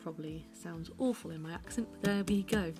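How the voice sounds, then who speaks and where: A woman's voice: on the low side, a little fast, over music. A young British woman chatting casually at home while she sketches, rambling and self-deprecating. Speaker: art vlogger. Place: her living room at home.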